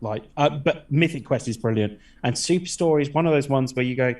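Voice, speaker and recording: A man's voice: mid-range voice, fairly quick, darkish tone. A man co-hosting a casual podcast, enthusiastic and swearing freely. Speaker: podcast co-host. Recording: voice a bit far from the mic.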